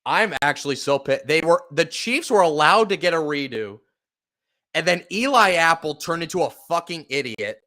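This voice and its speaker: A man's voice: on the high side, lively intonation, normal speed. Profane, exasperated young man calling plays. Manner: profane, exasperated, swings into loud outbursts. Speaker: podcast play-by-play host. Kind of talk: live fan play-by-play commentary.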